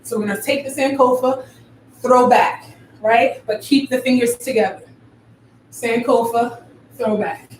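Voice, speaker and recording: Woman dance instructor, higher voice, recorded off-mic in an echoey studio, calls out counts. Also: steady tone, unhurried, long pauses. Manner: counts rhythms aloud with vocal syllables. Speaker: dance teacher. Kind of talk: live online dance class instruction. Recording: echoey room from far off, faint noise.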